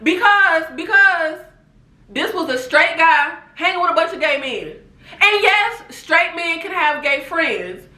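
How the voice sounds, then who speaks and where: A woman's voice: very high voice, slow. A woman giving a casual TV show recap, laughing often and talking straight to her viewers. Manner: animated, laughs often, talks to viewers as "baby" and "y'all". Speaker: TV recap vlogger. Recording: echoey room.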